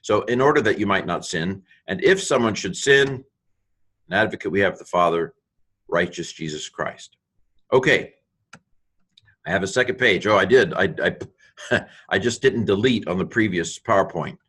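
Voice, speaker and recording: A man's voice: low-pitched, expressive, normal speed, a bit bright, slightly rough. A man teaching a recorded lesson on Greek grammar over slides, thinking aloud, correcting himself and making playful asides.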